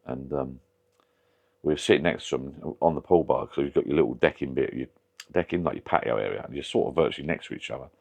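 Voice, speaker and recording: Deep-voiced bloke rambling on in his shed pub, swears a bit, chatty vlog. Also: fast talker, gravelly, darkish tone, lo-fi sound. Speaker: vlogger. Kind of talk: casual chat.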